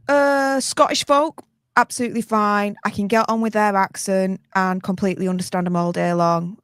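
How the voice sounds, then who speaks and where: A woman's voice: on the low side, clean tone, no echo, clean studio sound. A woman in her forties with a Yorkshire accent, chatting bluntly on a podcast. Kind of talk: casual chat.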